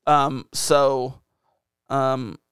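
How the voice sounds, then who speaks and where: A man's voice: medium pitch, level tone, extremely slow, a bit bright, clear, resonant tone, no room sound, clean studio sound. A man co-hosting a casual podcast, teasing his co-host and steering the conversation. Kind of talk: casual chat.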